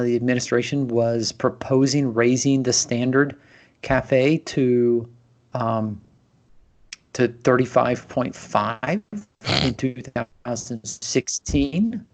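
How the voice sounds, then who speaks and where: A man hosting a casual podcast chat, conversational and loose, with plenty of fillers and restarts. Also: medium pitch. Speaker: podcast host.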